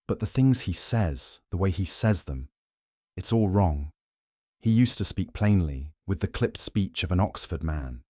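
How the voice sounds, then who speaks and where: Casual: guy doing a tired unsure young lady, soft and hesitant, low dry voice. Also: expressive, a little slow, dry recording. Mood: uneasy. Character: weary, uncertain young woman of a manor.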